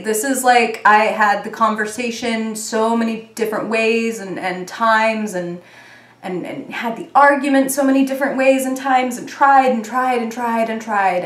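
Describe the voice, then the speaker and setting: A woman giving a casual tarot reading, talking in a chatty way with lots of fillers and getting animated when she acts out what people might say. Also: a little high. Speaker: tarot reader. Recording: roomy echo.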